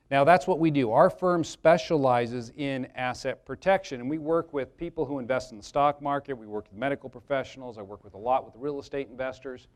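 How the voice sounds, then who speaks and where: A man's voice: mid-range voice, normal speed. A man, an attorney, giving a live workshop talk to an audience, chatty and joking as he tells stories. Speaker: attorney presenting a seminar.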